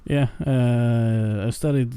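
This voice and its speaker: A man's voice: mid-range voice, fairly even intonation, slow pace, warm tone, smooth, no room sound. A man co-hosting a podcast, chatting casually with hesitations and swearing. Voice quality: hesitant, argumentative, swears freely. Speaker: podcast co-host. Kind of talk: casual chat.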